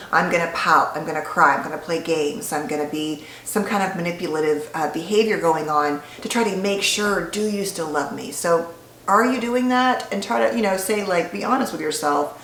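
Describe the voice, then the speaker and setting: Woman psychologist chatting thru a lesson to the viewer, kinda low voice, echoey room w faint hum behind. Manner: conversational, explanatory, addresses viewer directly. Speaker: licensed psychologist. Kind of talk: educational talk to camera.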